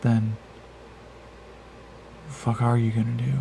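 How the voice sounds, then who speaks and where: A brash, foul-mouthed male warrior, as the game master puts him on fires off blunt, profane lines. His voice is low and mellow, with a faint hiss behind it. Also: flat delivery, gravelly, rough recording. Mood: wary, defiant. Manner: profane, blunt, rapid outbursts.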